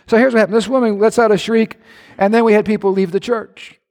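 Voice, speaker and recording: A male pastor preaching a sermon in a church, animated and emphatic, with sudden bursts of shouting and playful mimicry. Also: high-pitched, normal speed. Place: church hall. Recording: echoey church hall.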